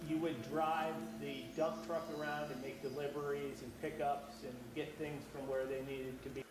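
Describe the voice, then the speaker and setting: A man steps through a witness's questions, methodical and businesslike. His voice stays flat and even. The room echoes, and noise is clearly heard behind him. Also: on the high side, moderate pace. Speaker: examining attorney. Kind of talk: deposition questioning.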